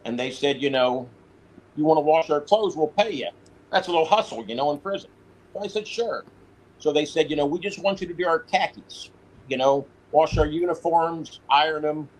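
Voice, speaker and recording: Man, ex-prisoner, storytelling, slightly high pitch, chatty interview. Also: moderate pace, low-quality recording. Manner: animated storyteller, quotes others in voice. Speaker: interview guest, former prisoner.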